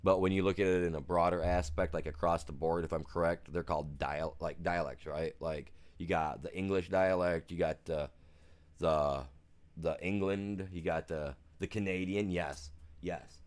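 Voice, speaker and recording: A man from the United States talks casually on a live game stream, his voice sitting low. He rambles from one story to the next in an easygoing, self-deprecating way. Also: fairly even intonation, moderate pace.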